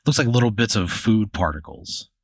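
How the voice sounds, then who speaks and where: A man's voice: fairly low pitch, animated, normal speed, slightly rough, dry recording. A man narrating an improvised tabletop game as game master, casual and filler-heavy. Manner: casual, full of "like" and "you know".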